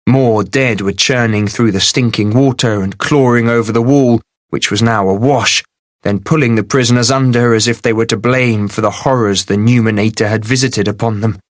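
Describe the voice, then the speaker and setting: Low-voiced man narrating a fantasy novel. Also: steady tone, moderate pace, no room sound, clean studio sound. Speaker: audiobook narrator.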